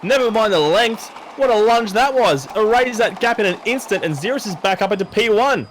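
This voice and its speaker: A man commentating a sim horse race, excitable and jokey in his play-by-play. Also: high voice, a little fast, slight background noise.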